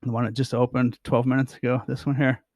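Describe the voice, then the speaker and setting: A man's voice: medium pitch, little pitch movement, fast talker, a little mellow, no room sound. A man talks through his price charts in a loose, rambling way, stumbling over words and repeating himself. His voice sits in an ordinary middle range. The sound is dry and close, with no room behind it. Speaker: crypto chart vlogger. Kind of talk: casual chart commentary.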